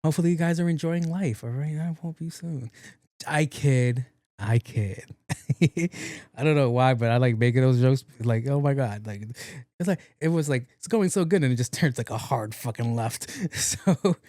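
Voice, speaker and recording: A young adult man hosting a podcast, telling a comic story in a loose, profane and animated way, often laughing along with himself. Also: medium pitch, normal speed, no room sound, clean studio sound. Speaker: podcast host. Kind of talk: casual comedic storytelling monologue.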